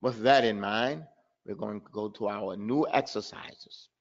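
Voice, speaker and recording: A man teaching Quran pronunciation in an online class, slowly demonstrating sounds and repeating syllables for his students. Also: lowish voice, dull audio. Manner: chuckles at his own trick questions.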